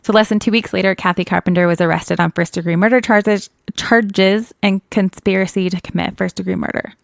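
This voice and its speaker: A woman's voice: medium pitch, steady tone, brisk, gravelly, dry recording. A woman co-hosting a podcast, casually retelling a case in a chatty way that is full of small corrections. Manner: chatty, laughs often, self-correcting. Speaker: true crime podcast co-host.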